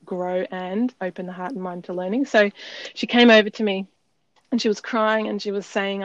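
Speaking a little fast, a woman recounts something personal on her co-hosted podcast, sounding earnest and thoughtful and saying um often. Her pitch is medium and her tone steady. The recording is dry and slightly dull.

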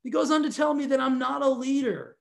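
A fitness studio owner telling viewers a story in a casual, exasperated rant, talking straight to the camera. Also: male voice, very high-pitched, fairly quick, vocal fry.

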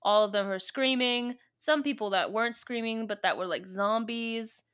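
A woman co-hosts a podcast, working through a book with loose, joking asides and acted-out dialogue. Her voice is a little high and sharply bright. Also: moderate pace, smooth. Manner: rambling, joking, retells scenes with quoted dialogue. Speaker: podcast co-host. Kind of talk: casual book recap and reading.

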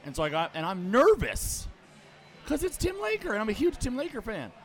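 A man from Canada on a podcast, telling a story in casual chat and acting out the quotes loudly. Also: very high-pitched, wildly swooping pitch, a little fast. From Ottawa, Canada. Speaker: podcast host.

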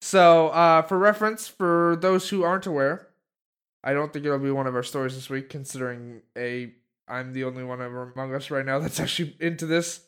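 On a podcast, a male co-host speaks at a moderate pace in a fairly high, fairly bright voice that's clear and resonant, with fairly even intonation. His casual talk rambles, full of fillers and restarts.

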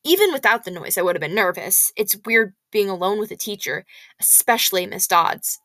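A woman reading a novel aloud in expressive first-person storytelling. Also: medium pitch, fairly quick, no room sound.

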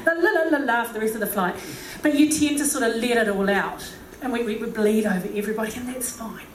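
A middle-aged woman gives a humorous, self-deprecating talk, laughing often and acting out what people said. Her voice sits fairly high. The sound comes from an echoey hall with a faint hiss behind it. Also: quick pace, distant mic. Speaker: speaker.

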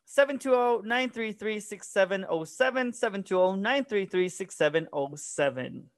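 A man co-hosts a casual sports podcast, giving brief agreeable replies and reading sponsor spots. His voice sits high for a man. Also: animated, normal speed. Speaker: podcast co-host.

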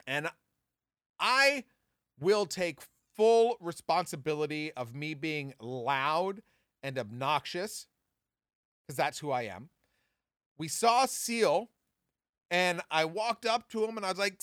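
A man in his thirties from Southern California, casually telling profane stories on his podcast with big jumps in pitch. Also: a bit bright, no echo, clean studio sound. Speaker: podcast host. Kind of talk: casual storytelling.

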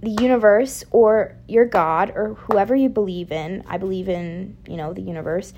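A woman's voice: mid-range voice, moderate pace, darkish tone, a little hiss or hum. A young woman hosting a casual solo podcast, chatty and rambling, laughing often, with a slight picked-up Southern twang. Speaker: podcast host.

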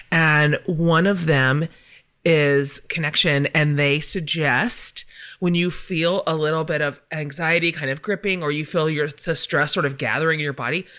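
A woman host with a bright, forceful voice leads a casual podcast interview. She talks in an upbeat, chatty way and keeps affirming her guest. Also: deep voice.

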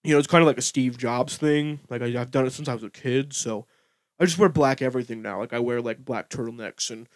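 A man putting on the voice of a female tech CEO who fakes a deep, slow monotone. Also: no room sound, natural voice. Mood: solemn. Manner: slow, deliberately lowered monotone.

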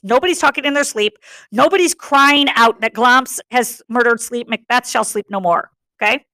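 A woman's voice: a little high, moderate pace, bright, forceful tone, no room sound. A middle-aged woman teacher explaining a play to her class in a chatty way, often checking in with "okay?". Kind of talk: classroom literature lesson.

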